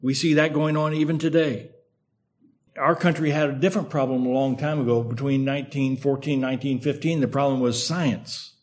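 An older man preaching a sermon in an earnest, measured way, with a slight lisp from a sore tongue and emphatic repetition. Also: medium pitch, fairly even intonation, darkish tone.

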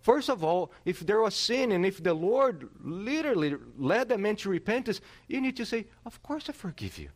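A middle-aged man preaching a sermon from the pulpit. His voice sits a little high and swings widely in pitch as he presses each point, with frequent restarts along the way. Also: normal speed, few pauses. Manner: animated, emphatic, with frequent restarts. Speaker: pastor.

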